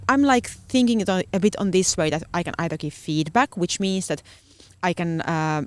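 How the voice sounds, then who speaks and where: Woman searching for words. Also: lowish voice. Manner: searching for words, many fillers. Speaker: guest dog trainer. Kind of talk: casual podcast conversation.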